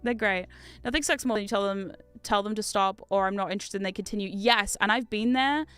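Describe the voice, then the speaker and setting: A woman's voice: mid-range voice, fairly quick, fairly bright tone, smooth, no echo, soft background music. A woman with a New Zealand accent, chatting frankly and casually on a livestream, laughing often and swearing now and then. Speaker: livestream host. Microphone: studio condenser mic.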